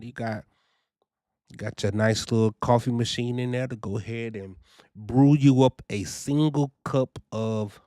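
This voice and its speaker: A young vlogger casually and animatedly recounts his trucking orientation, sprinkling in "you know" and "man" often. He has a medium-pitched voice with a darkish tone, captured at studio quality with no room sound.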